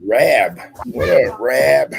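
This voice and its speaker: A man's voice: mid-range voice, expressive, drawn-out words, creaky. An older man co-hosting a casual podcast chat, talking in a loose, rambling drawl about his dogs and accents. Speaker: podcast co-host.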